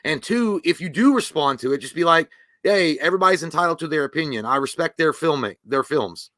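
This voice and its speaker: Male podcast co-host, blunt profane ranter, fairly high and bright. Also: lively intonation, fairly quick, no room sound. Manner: blunt, ranting, crude. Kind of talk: casual profane chat.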